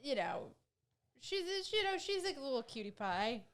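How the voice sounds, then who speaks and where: A woman co-hosting a comedy podcast, offering wry, measured commentary in casual chat. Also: sits high, sing-song, a bit bright. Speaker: podcast co-host.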